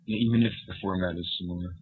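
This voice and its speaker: A man's voice: sits low, fairly even intonation, rapid-fire, darkish tone, husky, low-quality recording. A man on a gaming podcast panel, talking in a laid-back, joking way. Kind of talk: casual podcast chat about video games.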